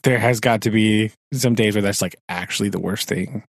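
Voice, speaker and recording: A man's voice: fairly low pitch, moderate pace, dry recording, studio quality. Easygoing man rambling on a podcast. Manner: rambling, tag questions, chuckling. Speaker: podcast co-host. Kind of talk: casual podcast chat.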